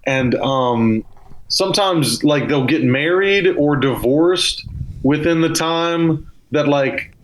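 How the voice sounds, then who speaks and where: A man's voice: a little high, takes it slowly, poor audio. A young man with a Southern US accent, a comedian telling loose, self-deprecating stories as a guest in a casual podcast interview.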